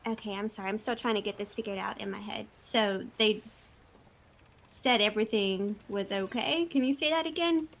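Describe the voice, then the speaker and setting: A woman's voice: medium pitch, normal speed, rough recording. A woman playing a tabletop game, speaking hesitantly and laughing at her dice rolls. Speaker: player.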